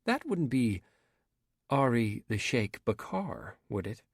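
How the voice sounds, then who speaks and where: A man's voice: mid-range voice, big pitch swings, slow, vocal fry, slightly rough, no echo, clean studio sound, full character voice. A man reading an audiobook, voicing a bold young woman filmmaker who asks direct, eager questions. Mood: curious.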